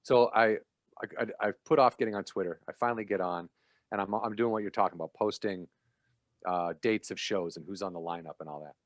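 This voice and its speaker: A man's voice: fairly low pitch, a little fast, dry recording. A man, a guest comedian on a podcast, telling stories in casual chat and acting out what others said with laughs. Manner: animated storyteller, acts out quoted lines, laughs while talking. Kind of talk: casual interview chat, storytelling.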